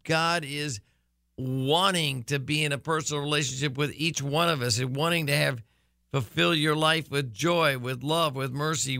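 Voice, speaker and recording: A male radio host talks through a guest's story in a chatty, enthusiastic way. His voice is bright and gravelly and sits somewhat high, recorded dry and close. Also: no echo. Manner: conversational, enthusiastic asides, laughs. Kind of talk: radio show commentary.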